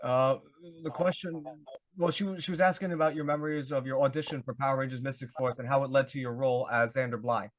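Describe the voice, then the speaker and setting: A man hosting a panel interview over a video call, asking questions politely with halting restarts. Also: medium pitch, fairly even intonation, a little hiss or hum. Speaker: panel host.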